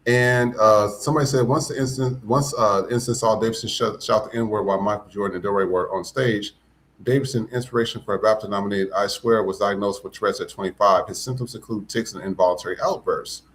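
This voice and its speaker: A man's voice: on the low side, steady tone, a little fast, fairly bright tone, a little hiss or hum. Blunt, profane male podcast host. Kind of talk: casual commentary.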